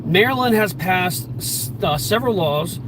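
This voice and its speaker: A man's voice: high voice, expressive, moderate pace, background noise. A firearms instructor talking in a casual explanatory vlog from his car, in plain words with many restarts and fillers. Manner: conversational, plain-spoken, frequent restarts and fillers.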